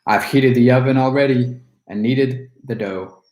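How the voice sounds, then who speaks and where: A man's voice: mid-range voice, measured pace, darkish tone, lo-fi sound, close to an everyday voice. A man reading the lines of a wicked old witch who scolds and gives orders impatiently. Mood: scolding. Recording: roomy echo.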